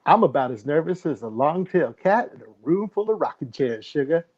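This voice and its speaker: A man's voice: on the high side, sing-song, fairly quick, a little mellow. A man putting on a folksy Southern drawl. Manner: exaggerated fake country drawl. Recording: dull lo-fi sound.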